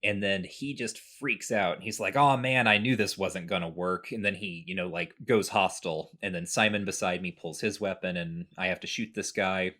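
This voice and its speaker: A man's voice: low voice, normal speed, few pauses. A man casually recounting a video game playthrough to a co-host, briefly acting out the characters' lines. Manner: relaxed storytelling, acts out characters' lines. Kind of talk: casual chat.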